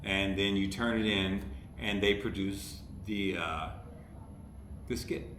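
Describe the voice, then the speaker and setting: A man's voice: low-pitched, slow. A man from Ohio, a podcast guest, telling stories in casual chat and acting out the people he quotes. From Ohio, USA. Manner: animated storyteller who acts out the people he quotes. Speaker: podcast guest, comedy writer. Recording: echoey room with faint background noise.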